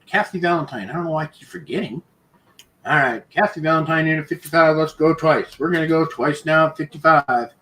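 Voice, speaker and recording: A man with a fairly high voice hosts a live online auction. He calls out bids in brisk, repeating patter and breaks into easy chuckles. His delivery is quick and informal. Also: fairly bright tone. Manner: brisk, repetitive bid-calling with chuckles.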